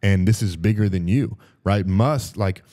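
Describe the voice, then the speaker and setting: A man with a fairly low, dark, mellow voice co-hosts a motivational podcast. He speaks emphatically and repeats key phrases to drive each point home. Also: unhurried. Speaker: podcast co-host.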